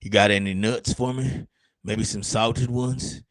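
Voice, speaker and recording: A man's voice: lowish voice, steady tone, unhurried, no room sound, voice pushed down, close to an everyday voice. A man voicing a rude male squirrel who drawls insults while begging for nuts.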